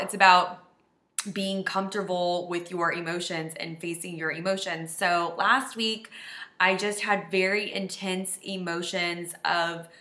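Earnest bright-voiced woman vlogging. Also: mid-range voice, roomy sound. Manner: earnest, heartfelt and emotional. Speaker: life coach. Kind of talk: confessional self-help vlog.

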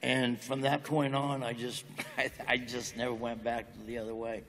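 A man's voice: medium pitch, level tone, normal speed, fairly bright tone, slight background noise. A middle-aged man with a rural Southern US accent, telling stories and jokes in an easygoing drawl as a comedian guest on stage. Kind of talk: on-stage interview storytelling. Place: large university auditorium stage. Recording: long reverb of a big hall. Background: audience.

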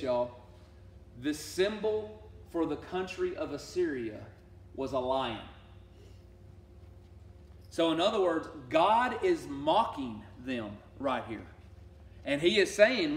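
Emphatic preacher in an echoey church. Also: male voice, a little high, very animated, slow pace, long pauses. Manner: emphatic, swings from loud declarations to hushed asides. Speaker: Bible study teacher. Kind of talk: sermon-style Bible study. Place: church sanctuary. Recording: echoey church room from far off.

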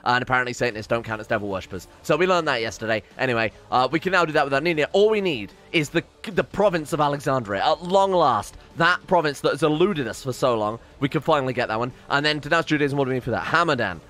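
Fast-talking man playing a game. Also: medium pitch, lively intonation, fairly bright tone. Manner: rambling, self-interrupting, swears casually. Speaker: let's-play streamer. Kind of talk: casual gameplay commentary.

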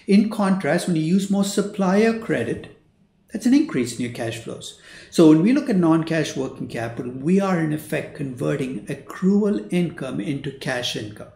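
A man's voice: a little high, animated, normal speed, creaky, dark tone. An older man who is a finance professor, giving a recorded lecture in a conversational teaching manner. He voices the students' questions himself and repeats his key points. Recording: roomy echo.

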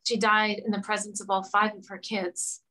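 Bright-voiced woman telling a heartfelt story. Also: mid-range voice, level tone, normal speed, poor audio. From Rhode Island. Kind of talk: emotional personal story in interview.

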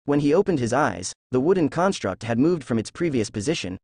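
Male fan fiction narrator, steady storyteller, dry recording. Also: mid-range voice, fairly quick, slightly rough, no room sound.

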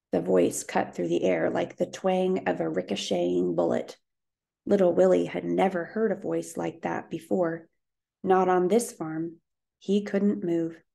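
Woman, audiobook narrator, steady storytelling, mellow dark tone, gravelly. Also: lowish voice. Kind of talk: storybook reading aloud.

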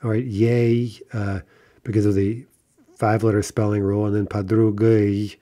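Low mellow guy teaching grammar, lots of uh and right?, slows down for the examples. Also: level tone. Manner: explanatory, often checks with "right?", many fillers and restarts; slows down to pronounce Russian examples carefully. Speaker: Russian language teacher. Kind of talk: explaining grammar from a textbook.

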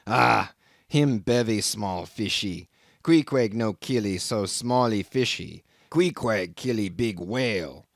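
A man voicing a brawny, mild-mannered male harpooner who speaks broken English slowly and with disdain. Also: medium pitch, animated, no room sound, studio quality. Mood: disdainful.

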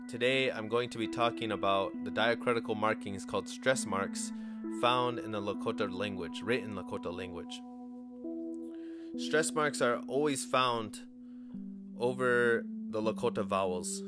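A man giving a spoken language lesson, slow and deliberate, pronouncing each word on its own. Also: on the low side. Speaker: language teacher.

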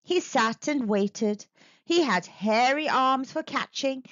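Slow, lively woman reading a children's story. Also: sits high, dry recording, dull audio. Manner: slow, expressive, very animated reading. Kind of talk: children's book read-aloud.

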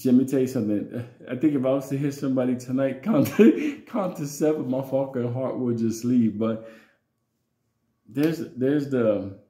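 A man telling a childhood story in a rambling, profane, animated way. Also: mid-range voice, moderate pace, roomy sound. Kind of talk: casual storytelling vlog.

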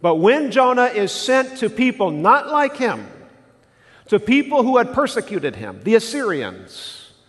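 A male pastor preaching a sermon in an animated way, putting questions to the congregation. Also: very high voice, unhurried, long reverb tail. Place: church sanctuary.

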